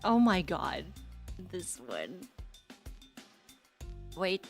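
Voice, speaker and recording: A woman's voice: on the low side, wildly swooping pitch, extremely slow, vocal fry, soft background music. A young woman streamer chatting casually, goofy and giggly, laughing at herself. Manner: giggly, goofy, self-mocking. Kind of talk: casual chat.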